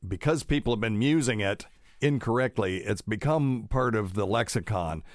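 Deep-voiced rambling podcast host. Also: male voice, animated, dry recording, clean studio sound. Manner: rambling, chatty, quick to correct word usage. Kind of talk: casual solo podcast monologue.

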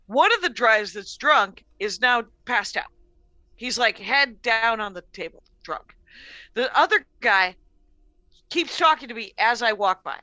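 Middle-aged woman comic spinning a heckler yarn, bright voice kinda high, dry close mic, laughs a lot and swears. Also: a little slow, no echo. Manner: animated, laughing storyteller with profanity. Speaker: comedian guest. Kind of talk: casual storytelling on a podcast.

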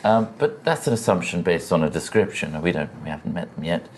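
Deep-voiced man weighing choices. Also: expressive, fairly quick, a little hiss or hum. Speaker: player. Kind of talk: casual tabletop play.

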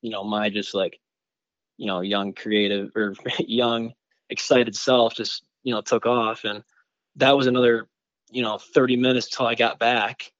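A man from Michigan, a bowhunter guest on a podcast, tells a story in an excited, rambling way and packs his talk with "like" and "you know". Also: mid-range voice, measured pace, no room sound, dull audio. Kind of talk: casual storytelling in a podcast interview.

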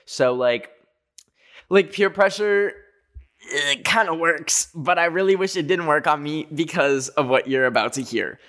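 A man's voice: fairly high pitch, normal speed, a bit bright. Chatty young man telling a story. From North America. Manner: chatty, full of "like" fillers, jumpy self-corrections. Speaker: vlogger. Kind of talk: casual storytelling.

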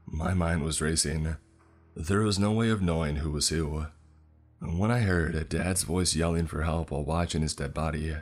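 A man reading a scripted horror story in a tense, measured way. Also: a bass voice. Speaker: narrator. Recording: faint music underneath.

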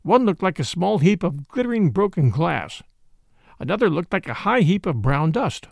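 A man narrating a classic mystery story in a measured, expressive storytelling style. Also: high-pitched, creaky, no echo, studio quality. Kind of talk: scripted audiobook narration.

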